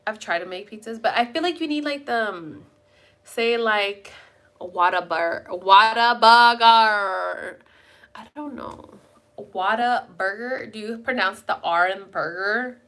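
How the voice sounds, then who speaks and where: Chatty, bright-voiced young woman streamer. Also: on the high side, animated, moderate pace. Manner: rambling, chatty, casually profane. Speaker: live streamer chatting with viewers. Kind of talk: casual chat.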